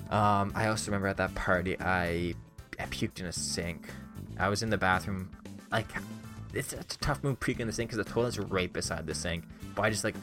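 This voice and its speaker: A young man with a deep, low voice tells a rambling, self-deprecating anecdote. He leans heavily on fillers like "uh" and "like", and faint music plays underneath. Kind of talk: casual personal anecdote.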